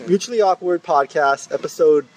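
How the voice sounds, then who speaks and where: A man co-hosting a podcast, chatting casually with blunt, quick reactions. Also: on the high side, slight background noise, poor audio. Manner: blunt, reactive, laughs along. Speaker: podcast co-host. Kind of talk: casual chat.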